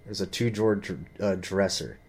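Guy venting on camera, kinda low voice, swears every other word, lots of um and like. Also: fairly quick, a little mellow, slightly rough. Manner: profane, agitated storytelling with frequent fillers. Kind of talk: rambling personal rant.

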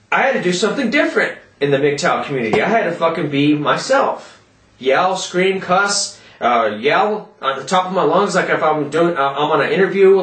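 A man ranting loudly in a vlog, cursing constantly and yelling as he talks, in a roomy echo from a distant mic. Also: a little high. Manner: profane, loud, yelling rant. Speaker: vlogger.

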